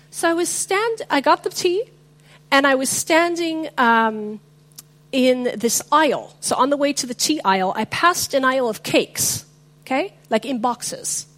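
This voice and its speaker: A woman giving a reflective, self-deprecating talk on faith with a personal story, often pausing with fillers. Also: fairly high pitch, a bit bright. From not from the US.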